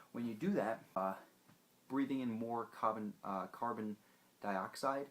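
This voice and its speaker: A young man hosting a casual science explainer video, joking and animated as he talks straight to the viewer. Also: on the low side, unhurried.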